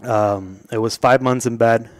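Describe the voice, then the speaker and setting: A man's voice: medium pitch, fairly even intonation, unhurried, no echo, clean studio sound. A young man telling a story as a podcast guest, casually and loosely, swearing and laughing along. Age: young adult. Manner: laid-back, swearing, laughing through his story.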